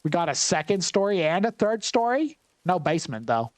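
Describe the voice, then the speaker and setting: Male gameplay commentator, wry and chatty, thinks aloud, slightly high voice. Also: sing-song, normal speed.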